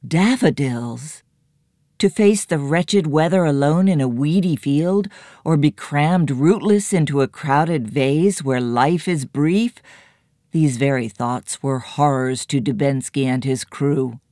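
A woman narrating a children's story in a measured, expressive reading. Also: deep voice, no room sound, studio quality.

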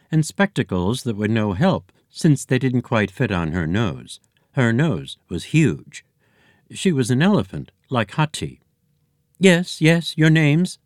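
A man reading a children's story aloud as narrator, with expressive storytelling. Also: on the low side, no room sound, studio quality. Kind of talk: audiobook narration.

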